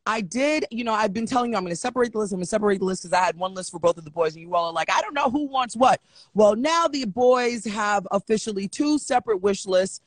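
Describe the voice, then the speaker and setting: A woman hosting a live show, telling stories with animated energy and acting out back-and-forth exchanges. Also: medium pitch, fast, hardly any pauses, dry recording. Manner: animated storyteller who acts out exchanges. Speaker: host of a live online show. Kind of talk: casual live-stream chat. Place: at home.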